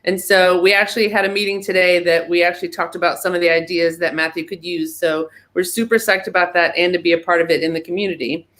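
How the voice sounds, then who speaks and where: A woman's voice: on the low side, fairly bright tone. Upbeat woman announcing club events. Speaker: events presenter. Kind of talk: casual club meeting chat. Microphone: video call.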